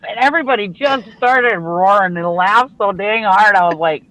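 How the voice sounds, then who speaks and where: A woman's voice: mid-range voice, normal speed, a bit bright, poor audio. A woman from Minnesota chatting bluntly on a video call, telling stories with frequent laughter. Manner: blunt, chatty storyteller who laughs often. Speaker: live show regular. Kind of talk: casual chat. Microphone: online video call.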